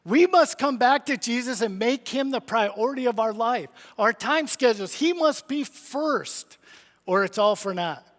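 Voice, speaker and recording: A man's voice: very high voice, expressive, unhurried, few pauses, a bit bright. A middle-aged man preaching a sermon in a church sanctuary, earnest and pleading, with many rhetorical questions. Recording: long church reverb.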